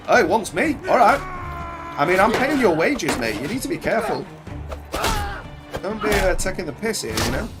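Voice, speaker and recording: A man talks through his game playthrough in a chatty, bantering way, ribbing the soldiers on screen. His delivery is lively and animated, jumping up and down in pitch. Game music plays behind him. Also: unhurried, pauses often. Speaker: gaming channel host. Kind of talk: let's play commentary.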